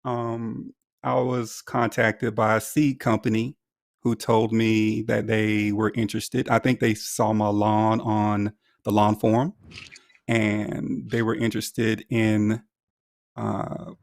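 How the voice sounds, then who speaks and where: A man's voice: fairly low pitch, level tone, takes it slowly, gravelly, no room sound, studio quality. A man, a guest on a casual podcast, talking in a rambling way with many fillers and self-corrections. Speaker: guest lawn owner.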